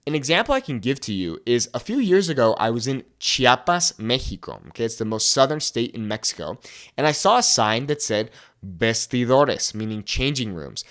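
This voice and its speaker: This young Spanish tutor has a mid-range, somewhat bright voice that swings widely in pitch. Walking through a pronunciation lesson, he keeps asking "okay?" after each point and lengthens the example words slowly.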